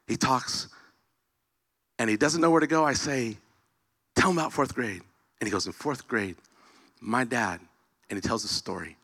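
Man, animated storyteller, bright forceful voice, acts out dialogue. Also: fairly high pitch. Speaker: speaker. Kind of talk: storytelling sermon.

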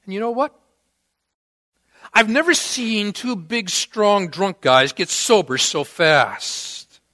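Slow and forceful, a high-voiced pastor delivers a sermon in an animated, bright tone. He tells a story, performing its quotes dramatically, while the church hall's long reverb trails each line.

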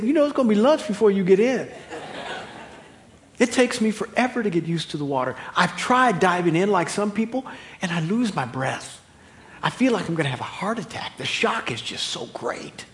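A middle-aged man preaching a sermon, animated and humorous, swinging from loud high exclamations to quiet, low emphasis. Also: a little hiss or hum. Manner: humorous, laughing at own stories. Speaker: pastor.

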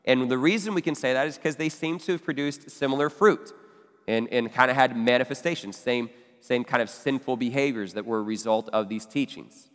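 A male pastor gives a teaching sermon in a conversational way, tossing in asides and quick questions to his listeners. His voice sits at a medium pitch. A long reverb trails behind his words, as in a church hall. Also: a bit bright. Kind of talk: expository sermon.

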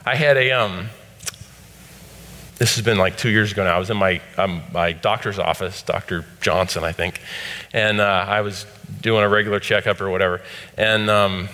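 A man's voice: fairly low pitch, fairly even intonation, normal speed, pushed and bright. A middle-aged man preaching a conversational sermon as a pastor, rising to emphatic scripture quotes. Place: church sanctuary. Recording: long hall reverb.

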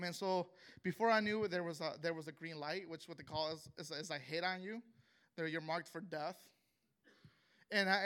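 Pastor guy telling his testimony, kinda high bright voice, earnest, stumbles and repeats himself a lot. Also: clean tone. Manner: halting, repeats and restarts words; earnest and emotional. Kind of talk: personal testimony.

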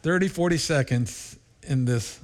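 Guy pastor preaching, middle pitch voice, tells stories real animated, laughs a lot. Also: measured pace. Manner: animated storytelling, laughs often, jumps high when acting out voices. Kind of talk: sermon.

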